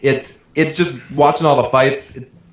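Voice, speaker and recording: A man's voice: medium pitch, fairly even intonation, measured pace. A man in a casual sports chat, enthusiastic and rambling loosely. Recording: echoey room.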